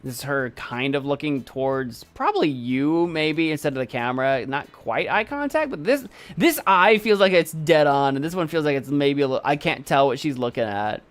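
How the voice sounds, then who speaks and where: Playful man with a lively voice. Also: on the high side, normal speed, hardly any pauses, faint music behind. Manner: playful, jokey, laughs often. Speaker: streamer host. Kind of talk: casual commentary on viewer photos.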